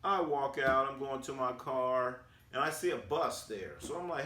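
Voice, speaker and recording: A man from Oakland in a casual storytelling recap, animated and acting out quotes with slang. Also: mid-range voice, normal speed. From Oakland, California, USA. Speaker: sports vlogger. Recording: roomy sound, distant from the mic.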